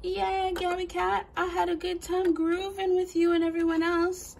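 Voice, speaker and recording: A woman's voice: very high voice, level tone, normal speed, creaky, darkish tone, a little hiss or hum. A woman voicing a timid male party cat in toy play storytelling, with hesitant, nervous talk. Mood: happy.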